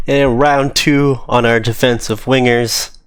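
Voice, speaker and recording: A man's voice: mid-range voice, smooth, dry recording. A man casually reviewing his hockey team's game footage, giving easygoing, amused play-by-play.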